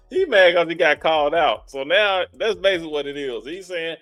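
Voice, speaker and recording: A man's voice: on the high side, lively intonation, moderate pace, long pauses, fairly bright tone, faint music behind. A man co-hosting a podcast, reacting in casual commentary, laughing often and teasing in slang. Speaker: podcast co-host.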